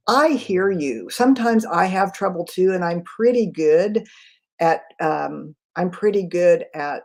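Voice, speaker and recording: A woman communication trainer in a live webinar, answering chat questions in a quick, conversational way. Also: sits low, creaky, a little mellow. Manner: quick, conversational, self-aware.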